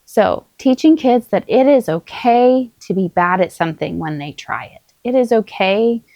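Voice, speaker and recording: Calm, earnest middle-aged mother giving advice. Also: mid-range voice, no room sound. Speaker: parenting vlogger, mother of many. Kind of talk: casual spoken advice to camera.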